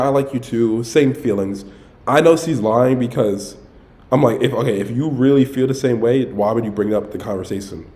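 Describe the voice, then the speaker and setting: A man's voice: mid-range voice, a little mellow. A young man on a casual livestream, telling a dating story in a loose, rambling way and saying "bro" constantly. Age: young adult. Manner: rambling, self-interrupting. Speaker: streamer.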